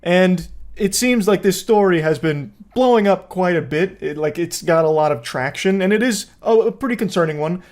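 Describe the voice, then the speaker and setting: A young man hosts a casual commentary video, mixing sarcastic asides with frequent swearing. His voice sits a little higher than most men's. He sounds loose and offhand as he reacts. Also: normal speed, few pauses. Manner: sarcastic, profane, jokey asides.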